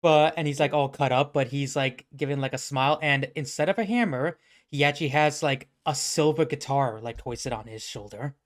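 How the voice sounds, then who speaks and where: A man's voice: mid-range voice, fairly even intonation, normal speed. A man narrating a tabletop game as game master, in a casual way full of "like" and laughter.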